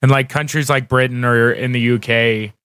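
A man's voice: medium pitch, fairly even intonation, moderate pace, a bit bright, smooth, no echo, studio quality. A man co-hosting a podcast in casual chat, rambling, self-deprecating and laughing often. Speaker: podcast co-host.

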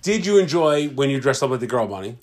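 Middle-aged new guy rattling off stories fast, swears a lot, chatty podcast host. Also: medium pitch, very animated. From Staten Island, New York. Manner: profane, rambling storyteller. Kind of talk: casual chat. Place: home podcast setup, drinking.

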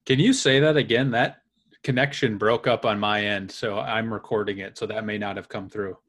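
A man co-hosting a beer podcast over a video call, chatty and quick to laugh as he reads reviews aloud. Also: on the low side, steady tone, fairly bright tone. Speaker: podcast co-host. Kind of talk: casual chat.

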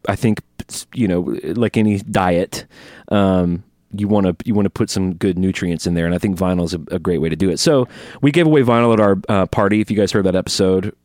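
A man's voice: low voice, a little fast, darkish tone, no echo, clean studio sound. A man co-hosting a podcast in casual chat, rambling and joking, recovering from a tooth extraction. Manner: rambling, joking, self-interrupting. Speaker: podcast co-host.

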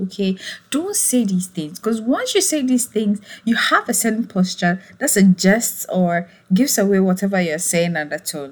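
A woman's voice: mid-range voice, expressive, moderate pace. A woman hosting an advice podcast, talking earnestly and pleading with the listener, often checking in with "okay?" and laughing at herself. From Ghana. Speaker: podcast host.

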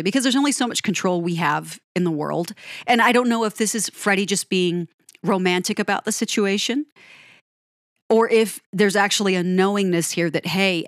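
A woman hosting a music commentary, gushing about a song, animated and quick to correct herself. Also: lowish voice, no echo, studio quality. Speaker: music podcast host. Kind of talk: enthusiastic song breakdown.

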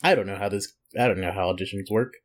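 A man co-hosting a podcast in casual chat, easygoing and quick to laugh, often rambling. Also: sits low. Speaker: podcast co-host.

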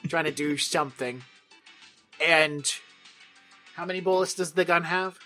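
A man's voice: a little high, unhurried, sharp tone, soft background music. A man running a tabletop game as game master, narrating with a playful, wry manner. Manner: playful and wry, breaks into laughter.

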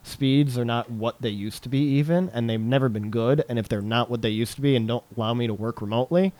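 Loud, animated casual man. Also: mid-range voice, a little fast, dry recording. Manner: loud, animated, swearing, laughs often. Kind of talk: casual chat.

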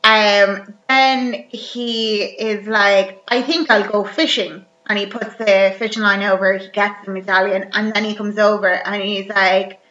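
A woman's voice: mid-range voice, flat delivery, a little slow, few pauses, bright, forceful tone. A woman chatting animatedly, recapping a film as a podcast co-host. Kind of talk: casual chat recapping a film. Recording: roomy, dull lo-fi recording.

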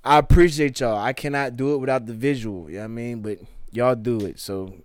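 A man's voice: medium pitch, brisk, no room sound, studio quality. A man co-hosting a podcast in casual, slangy, laid-back chat, telling stories and thanking listeners. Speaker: podcast co-host.

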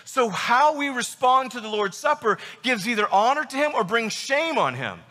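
High bright-voiced pastor man preaching, emphatic and emotional, echoey church hall. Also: sing-song, normal speed. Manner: emphatic, emotional, rhetorical questions. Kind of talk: sermon.

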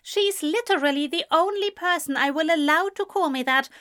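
A woman's voice: extremely high pitch, normal speed, pushed and bright, pitched above the performer's own voice. A woman reading an audiobook, voicing a fussy, dry-witted male teacher with a prim, teasing manner. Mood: wry teasing.

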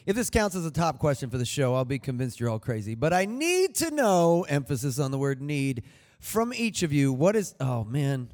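A man's voice: medium pitch, animated, fairly quick, a little mellow. Playful man reading questions in a live hall. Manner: playful, teasing, laughs often. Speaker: band member reading audience questions. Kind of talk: live onstage banter. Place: arts venue stage. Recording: live venue reverb.

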